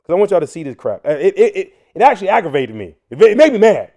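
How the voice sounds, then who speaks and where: A young man hosting a casual news commentary stream, loud and mocking, with a slangy delivery. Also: high-pitched, big pitch swings, fast talker. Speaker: host.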